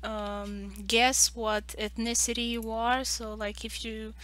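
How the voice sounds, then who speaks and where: A woman's voice: a little high, flat delivery, takes it slowly, a bit bright. A young woman from Romania, chatting casually and rambling with lots of fillers while she draws on a live stream. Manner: rambling, loose, full of "like" fillers and restarts. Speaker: artist streaming a live drawing session. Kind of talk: casual chat while drawing.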